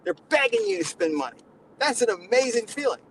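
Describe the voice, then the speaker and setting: Nasal, lecturing man with a high voice. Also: sing-song, a little fast, a little hiss or hum, rough recording. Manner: lecturing, mock-condescending. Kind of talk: casual comedic panel chat.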